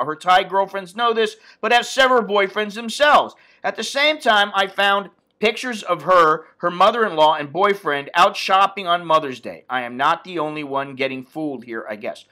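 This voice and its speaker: American man vlogger, profane and blunt, ranting casually in a bright voice. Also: sits high, normal speed, hardly any pauses. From United States. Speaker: expat vlogger. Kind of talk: casual vlog rant.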